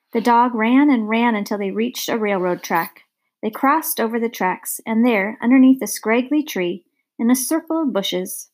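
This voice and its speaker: A woman narrating a children's novel chapter in a measured, clear storytelling manner. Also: medium pitch. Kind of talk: audiobook narration.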